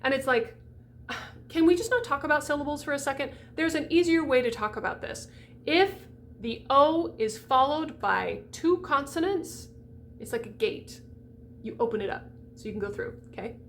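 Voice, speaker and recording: A woman voice coach giving a chatty, animated diction lesson for singers, demonstrating each sound. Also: high-pitched, normal speed, a little hiss or hum.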